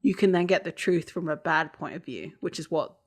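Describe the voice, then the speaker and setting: Podcast co-host, woman with a slightly low voice, thoughtful, circles her point before landing it. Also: a little fast. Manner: thoughtful, rambling, trails off mid-sentence. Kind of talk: casual chat discussing a TV episode.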